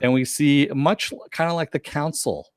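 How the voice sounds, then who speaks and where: A man's voice: a little high, steady tone, moderate pace, no echo, studio quality. A man casually recapping a cartoon episode with a co-host, now and then acting out the characters' lines.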